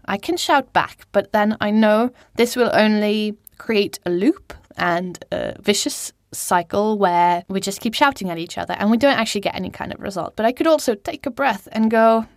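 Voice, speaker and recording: A woman's voice: mid-range voice, no room sound, clean studio sound. A young woman hosting a solo podcast from a small cupboard at home, talking casually and teasing herself. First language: German. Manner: casual, self-mocking, laughs at herself. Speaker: podcast host. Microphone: studio microphone.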